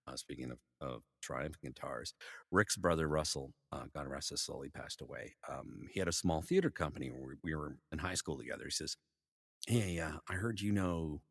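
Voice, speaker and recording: A middle-aged male voice actor telling animated stories in a casual interview, full of fillers. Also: rumbling low, fairly quick, creaky, breathy edge, no echo, studio quality, big-room sound. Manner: animated anecdotes, frequent fillers and laughs. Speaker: voice actor guest.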